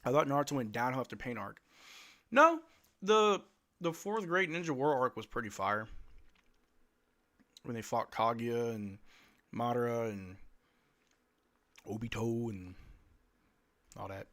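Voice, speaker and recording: Bright-voiced young man calling plays. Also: medium pitch, lively intonation, a little slow, long pauses. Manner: emotional, calls plays while chatting with viewers. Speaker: fan streamer hosting a game watch-along. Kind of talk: live play-by-play fan commentary.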